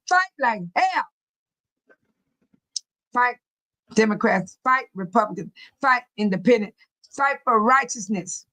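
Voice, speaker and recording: A woman's voice: sits high, pushed and bright, dry recording, low-quality recording. An older woman hosting a casual livestream, chatting with her commenters and laughing often. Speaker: livestream host reading chat.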